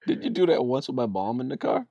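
Lively, mellow-voiced man chatting. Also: mid-range voice, fast talker, creaky, no room sound, lo-fi sound. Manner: joking, chatty, poses musing questions. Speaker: podcast co-host. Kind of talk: casual chat about a cartoon.

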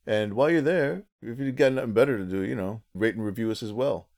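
A man's voice: mid-range voice, fast talker, darkish tone. A man co-hosting a casual podcast, chatty and jokey, often restarting his sentences. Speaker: podcast co-host.

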